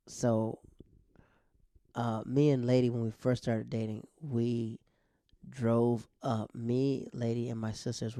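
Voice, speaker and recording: A man's voice: mid-range voice, dark tone, no echo. A man with a mid-range voice tells family stories in a loose, casual monologue, chuckling as he goes. The recording is dry and close, with no room sound. He talks like a stand-up comic. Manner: laughs often while telling, acts out family members' voices. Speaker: stand-up comedian, podcast host.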